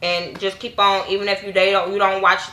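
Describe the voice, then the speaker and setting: Young woman vlogger, AAVE speech, blunt and profane, bright forceful tone, casual recap. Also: little pitch movement, a little fast, roomy sound. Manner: blunt, cussing, acts out quotes with raised pitch. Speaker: YouTube TV reviewer.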